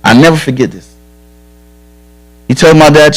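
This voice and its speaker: Man, police officer, somewhat high voice, direct, earnest, frank, safety talk to kids. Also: normal speed, poor audio. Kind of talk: safety talk to children at a church camp.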